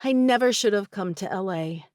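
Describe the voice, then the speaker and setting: Woman narrator doing a young woman, younger sister, prickly but remorseful, voice pitched up and emotional. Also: normal speed, a little mellow, dry recording, studio quality, lightly acted. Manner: higher, emotional, shifting from guarded to teary.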